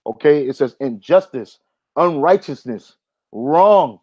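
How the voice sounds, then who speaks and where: A man's voice: fairly high pitch, lively intonation, slow pace, a little mellow. Emphatic man preaching, dull lo-fi sound. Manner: emphatic, says "man" often. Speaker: Bible teacher. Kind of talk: religious teaching talk. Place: Hawaii.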